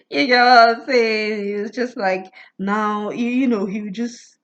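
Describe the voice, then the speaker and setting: A woman's voice: on the high side, steady tone, measured pace. A woman vlogger telling a personal story in a casual monologue. She stammers, restarts her words and keeps asking whether the listener gets what she is saying. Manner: keeps asking "you get what I'm saying?", often laughs. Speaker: astrology vlogger. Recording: slightly muffled lo-fi audio.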